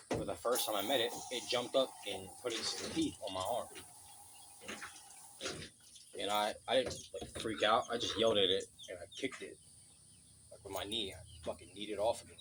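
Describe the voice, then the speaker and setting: A man's voice: on the low side, background noise. A man in a casual vlog rant, telling stories bluntly and swearing a lot, outdoors by a road. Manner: profane, blunt, storytelling. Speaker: vlogger.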